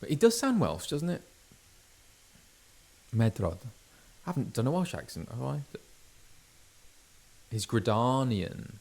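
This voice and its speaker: A male voice actor chatting casually while streaming a game, animated and chatty, often stopping and restarting mid-sentence. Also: mid-range voice, a little slow, gravelly, pauses often. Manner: chatty, animated, self-interrupting. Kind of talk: casual gameplay chat.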